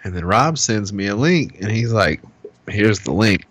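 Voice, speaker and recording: A man's voice: lowish voice, animated, moderate pace, a bit bright. A man on a podcast telling a heated, profane story in casual chat and acting out what people said. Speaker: podcast co-host.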